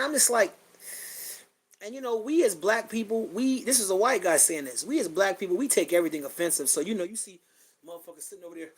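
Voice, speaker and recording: A man's voice: sits high, lively intonation, fast, breathy edge, low-quality recording. A middle-aged man hosting a podcast, speaking bluntly and emotionally in a personal monologue, swearing freely and repeating his phrases. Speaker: podcast host.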